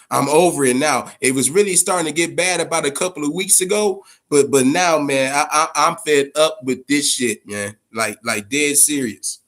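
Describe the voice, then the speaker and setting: A man hosting a loose live-stream chat, his voice sitting a little high. He swears constantly and rambles, often repeating a line for emphasis. He talks straight to his viewers. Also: moderate pace, fairly bright tone. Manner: profane and rambling, addresses viewers directly.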